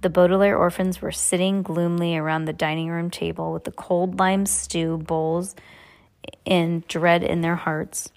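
A woman's voice: lowish voice, level tone, measured pace. A woman reading a novel aloud, often stumbling and restarting her sentences. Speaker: reader.

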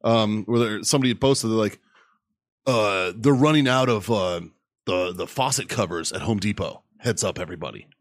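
A man's voice: lowish voice, normal speed, dry recording, studio quality. A man from Nebraska telling heated, profane stories as a podcast co-host in casual chat.

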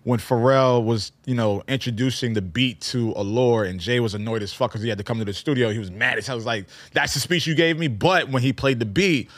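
A man's voice: mid-range voice, fairly quick, hardly any pauses, no room sound. A man co-hosting a casual hip-hop chat, telling stories loosely and with lots of profanity. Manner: animated, profane, loose storytelling. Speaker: podcast co-host.

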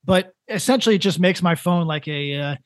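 A man in his thirties co-hosting a casual comedic podcast, rambling in a deadpan way with lots of restarts. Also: sits high, a little fast, no room sound. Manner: rambling, deadpan, building to a prank. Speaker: podcast co-host.

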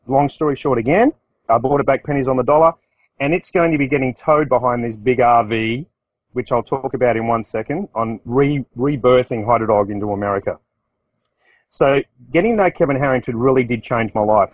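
A middle-aged Australian business owner telling casual stories in a rambling way, with restarts and acted-out quotes. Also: male voice, medium pitch, dry recording, muffled recording. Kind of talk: casual storytelling talk.

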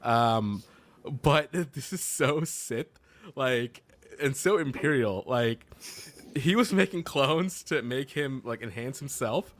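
A man's voice: medium pitch, lively intonation, slow pace, fairly bright tone. Laid-back man chatting on a podcast. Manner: laid-back, frequent laughs and "like". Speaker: podcast co-host. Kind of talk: casual chat.

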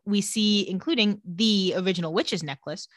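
A woman co-hosting a casual chat, retelling a TV episode with quick put-on character voices and frequent laughs. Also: mid-range voice, no room sound. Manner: storytelling recap, quick mock voices for characters, laughs often. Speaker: podcast co-host recapping a TV episode.

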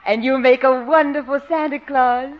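A woman's voice: sits high, steady tone, normal speed, lightly acted. An actress playing a sweet, doting young girlfriend in a 1940s radio comedy, with a cooing, sugary manner. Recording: dull old radio recording, faint hiss.

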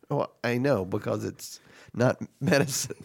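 A man's voice: medium pitch, slow pace, gravelly, no echo. A man hosts an improvised comedy podcast, flustered and rambling. He laughs through his lines and trails off into asides. The sound is dry and close. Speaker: podcast host.

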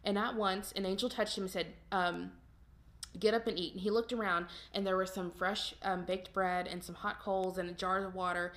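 A woman's voice: mid-range voice, little pitch movement, normal speed, few pauses, a bit bright. A woman with an ordinary mid-range voice talks through a scripture story on a faith podcast. She retells it loosely, in her own everyday words, with plenty of ums and restarts. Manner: casual, retells with many ums and paraphrases. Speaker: podcast co-host.

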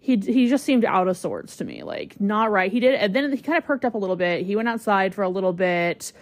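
A woman's voice: mid-range voice, very animated, brisk, no room sound. A woman hosting a podcast, telling a personal story in a chatty, candid way and using "like" constantly. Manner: chatty, heavy use of "like", emotional and candid. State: choked up at times. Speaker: podcast host.

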